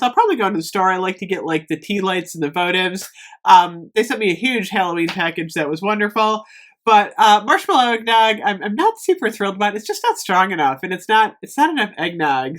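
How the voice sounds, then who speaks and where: Speaking in a mid-range, slightly bright voice, a woman reviews candles in a vlog. She talks casually to the camera, wandering off topic with frequent ums.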